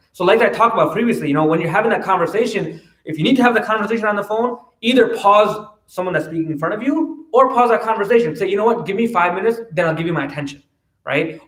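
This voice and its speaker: A man giving a casual religious talk, full of restarts and quick "right?" asides. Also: high-pitched, a bit bright. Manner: conversational, many "right?" tags and restarts. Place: mosque hall. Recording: roomy, distant mic.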